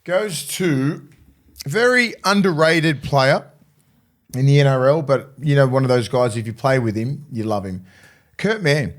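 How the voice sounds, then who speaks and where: A man's voice: medium pitch, animated, a little slow. Give me a laid-back man talking sport on a podcast, blunt and casual. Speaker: podcast co-host, former player.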